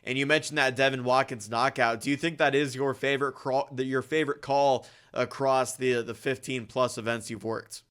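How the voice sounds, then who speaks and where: A man hosting a podcast interview, asking his guest questions in a measured, conversational way. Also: medium pitch, fairly even intonation, a bit bright, clear, resonant tone. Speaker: podcast host.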